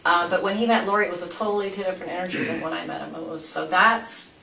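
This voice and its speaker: Woman interviewee, gravelly, rambling storyteller; far-off mic in a reverberant room. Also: fairly low pitch, steady tone, fast, sharp tone. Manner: rambling, many restarts and asides. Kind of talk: recounting events in a police interview. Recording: echoey room, distant mic, background noise.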